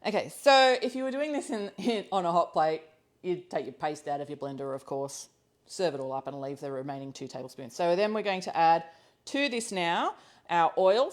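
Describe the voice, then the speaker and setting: A woman hosting a live cooking class from her kitchen, talking casually as she works, thinking aloud with ums and laughing easily. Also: moderate pace. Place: home kitchen. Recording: low-quality livestream audio.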